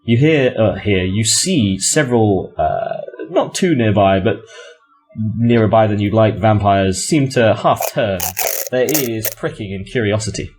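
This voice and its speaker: A low-pitched man narrates a tabletop session as game master. He rambles, corrects himself and fills gaps with ums, over faint background music. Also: measured pace, darkish tone. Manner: rambling, self-correcting, frequent fillers.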